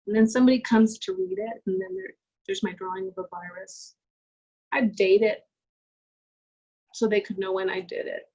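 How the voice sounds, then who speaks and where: A woman's voice: medium pitch, moderate pace, gravelly, pauses often, mellow, slightly rough, low-quality recording. A woman art instructor talking casually while she draws, musing aloud with fillers. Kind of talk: casual talk while drawing.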